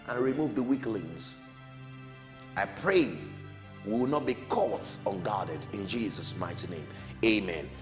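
A middle-aged man teaching a Sunday school Bible lesson, emphatic, with rising calls and falling amens. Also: medium pitch. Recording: long hall reverb, faint music.

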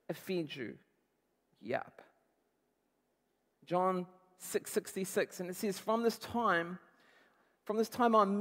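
A male pastor giving a conversational, animated sermon, acting out quotes as he goes. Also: high voice, big-room sound.

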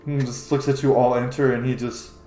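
A man's voice: mid-range voice, little pitch movement, brisk, mellow. A man narrating as game master in a casual, loose way. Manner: casual, loose, with fillers and laughs. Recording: roomy echo.

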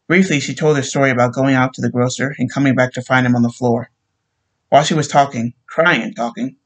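Male reader narrating a story, steady and plain, mid-pitched. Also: rough recording. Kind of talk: reading a short story aloud.

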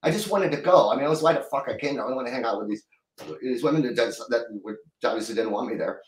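A man's voice: mid-range voice, recorded from a distance. Rambling middle-aged man, echoey room. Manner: rambling, halting, with many restarts. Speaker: guest musician. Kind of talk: casual storytelling interview.

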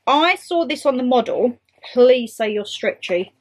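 A young British woman chatting excitedly to viewers and to her clothes in a casual haul video. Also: a little high, a little slow, a little hiss or hum. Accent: British English. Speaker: vlogger. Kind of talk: casual try-on haul chat.

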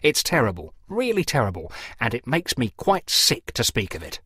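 A man's voice: medium pitch, sing-song, moderate pace, a bit bright, dry recording, studio quality. A man voicing a fussy, pompous middle-aged clergyman who lectures in a precise, theatrical way. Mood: lecturing.

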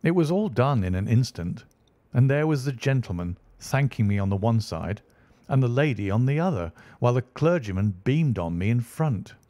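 A man narrating an audiobook in a measured storytelling delivery. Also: medium pitch, lively intonation, dark tone, dry recording.

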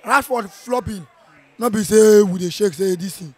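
Excitable Nigerian man, high voice. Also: normal speed. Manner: animated, switching into Nigerian Pidgin, playful and boastful. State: strained voice from shouting. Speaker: football fan. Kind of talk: excited match reaction. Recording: outdoor viewing center.

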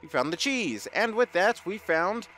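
Young male let's-play host, excitable, jokey, animated pitch, light music bed. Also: a little slow. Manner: excitable, jokey, talks over the game. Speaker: gameplay commentator.

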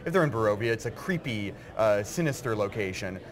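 A man who writes game material, talking in a casual interview with eager, quick bursts of explanation. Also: on the low side, lively intonation, over music. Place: busy game convention floor. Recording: loud crowd chatter behind.

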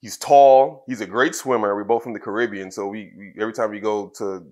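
Low-voiced man recalling a loss candidly. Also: fairly even intonation, darkish tone. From Trinidad. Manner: candid, halting, many fillers and restarts. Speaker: guest, former wrestler. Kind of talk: casual interview storytelling.

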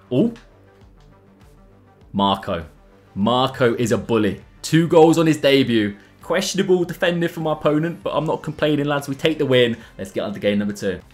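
Young guy commentating his football game, gets loud and excitable on chances, faint music behind. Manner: excitable, jumps in pitch at big chances. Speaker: gaming YouTuber. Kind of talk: gameplay commentary.

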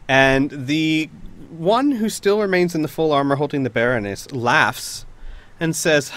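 A man's voice: mid-range voice, a bit bright. A man running a tabletop role-playing session and describing the action to his players. He talks in a plain middle register and halts often, restarting his sentences. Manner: rambling, halting with many uhs and restarts. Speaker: game master. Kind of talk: narrating a tabletop game.

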